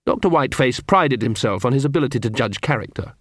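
A man with a mid-range voice narrates a scripted audiobook in a measured, expressive storytelling style. The studio recording is clean, with no echo.

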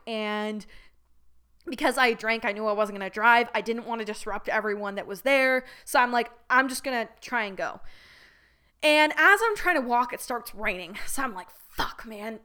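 A young adult woman hosting a podcast, telling a story in a candid, animated and profane way. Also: a little high, clear, resonant tone. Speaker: podcast host. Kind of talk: casual storytelling chat.

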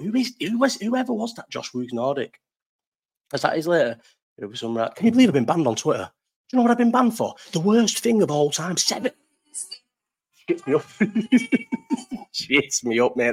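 A man's voice: fairly high pitch, slightly rough. A man, hosting a casual live chat stream from home, telling rambling stories full of swearing and laughter into a partly covered desk mic. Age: 30s.

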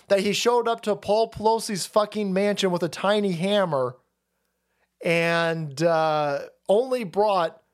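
A man hosting a stream who rants about politics in a sarcastic, mocking, foul-mouthed way. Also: high voice. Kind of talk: profane political rant.

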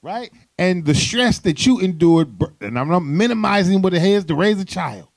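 A man's voice: sits high, normal speed, vocal fry, no echo. Emphatic man ranting on a podcast. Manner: animated, emphatic, profane. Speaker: podcast co-host. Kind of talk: casual podcast chat.

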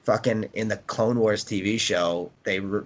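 A man's voice: on the low side, steady tone, unhurried. A man in casual chat, rambling with many fillers and restarts and laughing often as he talks. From United States. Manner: laughs often while talking.

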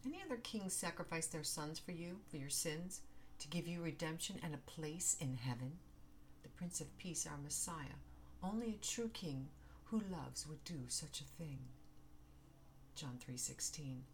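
A woman giving a devotional talk, reading scripture verses in a reverent, measured way with emphatic rises. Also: sits low, slight background noise. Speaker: devotional speaker.

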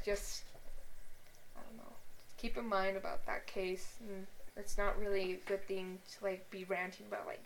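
A woman's voice: medium pitch, moderate pace, a little hiss or hum. A young woman on a podcast telling a personal story casually, swearing often and acting out what people said. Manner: swears a lot, animated, acts out quotes. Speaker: podcast co-host.

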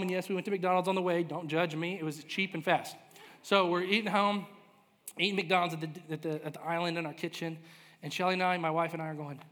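A man in his thirties, a pastor telling a personal story in a sermon, animated and self-deprecating. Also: high voice. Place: large church hall. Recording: reverberant hall.

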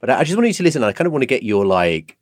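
A man's voice: medium pitch, big pitch swings, rapid-fire, dry recording, clean studio sound. A man from Bradford, hosting a podcast and chatting in a casual, jokey, teasing way. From Bradford, England. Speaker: podcast host. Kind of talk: casual chat.

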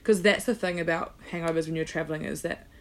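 A young woman co-hosting a podcast, chatting casually about travel and chiming in with relaxed asides full of "like". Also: low-pitched, fast talker. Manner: relaxed, chimes in with asides and lots of "like". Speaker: podcast co-host.

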